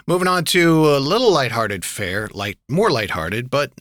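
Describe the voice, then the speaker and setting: A man's voice: medium pitch, sing-song, normal speed, heavy background noise. A man hosting a casual talk show about TV, rambling with lots of fillers and wry asides. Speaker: podcast host reviewing TV shows. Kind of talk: casual chat.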